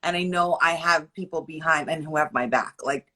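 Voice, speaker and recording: A woman's voice: low-pitched, fairly quick. A young woman guest in a casual interview, telling personal stories and acting out what people said. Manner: expressive, acts out quotes in stories. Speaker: guest, model and stylist. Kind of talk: casual chat.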